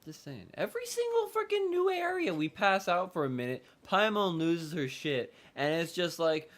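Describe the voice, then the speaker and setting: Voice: mid-range voice, very animated, normal speed. A streamer chatting loosely over gameplay, rambling, swearing casually and trailing off mid-thought.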